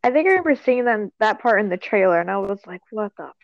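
A woman listening to a story in casual chat, reacting with loud swearing and comparisons to other stories. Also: mid-range voice, animated, fast talker, gravelly, dull audio.

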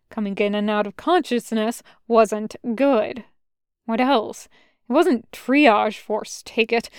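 A woman narrates a fan fiction story in a slow, measured way. Her voice is very clear and a little high, recorded close and dry with no room sound. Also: darkish tone, no echo. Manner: measured, unhurried reading. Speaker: podfic reader.

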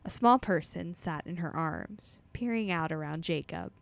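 A woman's voice: lowish voice, moderate pace, creaky, slight background noise. A woman co-hosting a podcast, chatting and reading a book summary aloud with frequent giggles. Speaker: podcast co-host. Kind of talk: casual chat and reading aloud.

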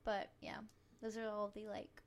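A woman's voice: medium pitch, monotone, moderate pace. A young woman co-hosting a podcast, chatting casually with a giggly, teasing manner. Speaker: podcast co-host. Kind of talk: casual chat.

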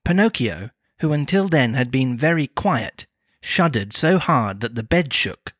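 Slow, lively storybook reader. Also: mid-range voice, no room sound, clean studio sound. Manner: measured, expressive narration. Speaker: podcast co-host and reader. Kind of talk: reading a storybook aloud and chatting.

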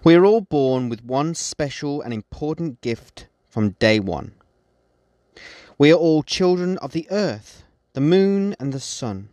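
A man hosting a podcast, reading his poems in a measured way and speaking his closing words with many hesitations. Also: fairly high pitch, animated, a little mellow, no echo. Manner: measured recitation, then halting unscripted outro with many fillers. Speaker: poet and podcast host. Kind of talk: poetry reading.

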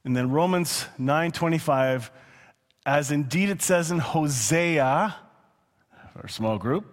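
A man preaching a sermon in a relaxed, conversational way, with quick asides and chuckles. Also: on the high side. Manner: conversational, chuckling, slows down to read scripture. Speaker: pastor. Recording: long hall reverb.

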